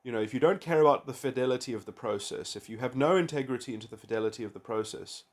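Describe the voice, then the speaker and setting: A man thinks out loud in a loose, rambling monologue on big ideas. His voice sits at an ordinary middle pitch. He keeps stalling, restarting his sentences and leaning on filler as he goes. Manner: halting, full of restarts and "you know". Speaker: video essayist.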